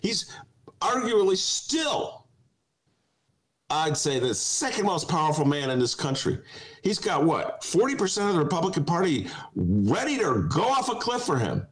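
Male talk host, casual comic riffing, pitch swinging all over, slightly high voice. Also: normal speed, poor audio. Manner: animated, digressive, often breaking into laughter. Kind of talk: casual comedic commentary.

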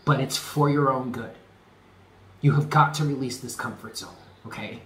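A man giving a spoken tarot reading, earnest and emphatic, often repeating himself and dropping low on key words. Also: moderate pace, fairly bright tone, roomy sound, slight background noise. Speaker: tarot reader.

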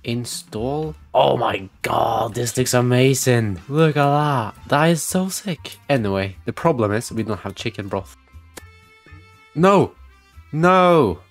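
A man giving excitable gameplay commentary, reading game text aloud, reacting loudly and swearing often. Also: mid-range voice, a little slow, hardly any pauses, soft background music. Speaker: gaming video creator.

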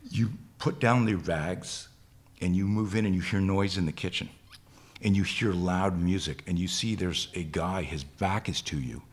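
A man with a very low, husky voice tells a long story as a podcast guest. He speaks as a self-defense instructor, swears freely, and slips into the voices of the people in his story. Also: moderate pace. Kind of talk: animated storytelling in conversation.

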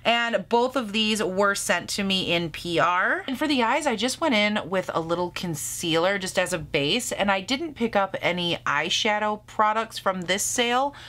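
A woman's voice: mid-range voice, animated, normal speed, few pauses, sharp tone. A woman beauty vlogger reviewing makeup in a gushing, sassy, chatty way with frequent laughs and gasps.

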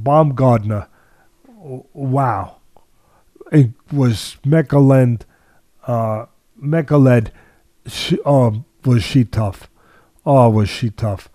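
An older man talks boxing on a podcast, heavy on repetition and emphasis. His voice is dark and mellow, and it sounds close and dry, with no room around it. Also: mid-range voice, dry recording. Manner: repetitive, emphatic, restarts sentences. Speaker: boxing trainer and podcast host. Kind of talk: casual sports talk.

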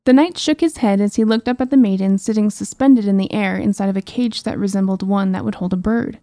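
A woman narrates a fantasy audiobook in a warm, mellow voice. Her delivery is even and storybook-like, with dry, wry asides. The sound is close and dry. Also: mid-range voice, fairly quick, no room sound. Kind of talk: scripted narration.

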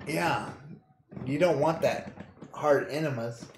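Slow-talking man streaming a game. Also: a little high, roomy sound, slight background noise. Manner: crude joking, reads game text aloud, laughs often. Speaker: gaming streamer. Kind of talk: casual let's-play commentary.

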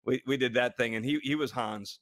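Here the former astronaut, a middle-aged man co-hosting a podcast, talks briskly in a plain, medium-pitched, somewhat bright voice. Telling a funny story casually, he frequently laughs and starts his sentences over; he is described as short of stature.

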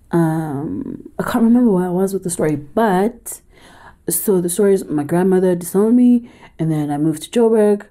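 A woman's voice: lowish voice, mellow. A woman with a South African accent, telling a personal story in a candid, chatty vlog. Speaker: film reviewer and vlogger.

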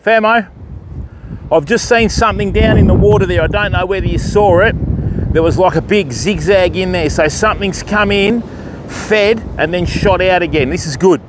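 A man's voice: high-pitched, moderate pace. An Australian man hosting a fishing channel, chatting casually and directly to his live viewers from a surf beach. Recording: noisy outdoor recording.

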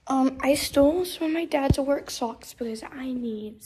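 A teenage girl vlogs at home while getting ready, her high-pitched, animated voice moving at normal speed with few pauses over background noise. She rambles, packs in fillers, complains dramatically about small things, and sounds a bit out of breath.

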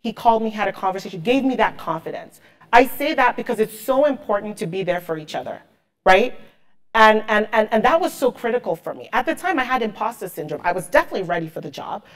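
A woman's voice: mid-range voice, expressive, fast talker. A woman in her thirties, a marketing executive, speaking emphatically and with motivation as the guest of an onstage interview, often repeating words for stress.

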